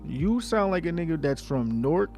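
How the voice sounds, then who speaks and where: A man from New Jersey talks in a relaxed, slangy way, circling back over the same points again and again. His voice has a gravelly, rough edge to it. Faint music plays behind him. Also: fairly high pitch, normal speed. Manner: laid-back, repeats himself, slangy. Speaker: podcast co-host. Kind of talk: casual chat.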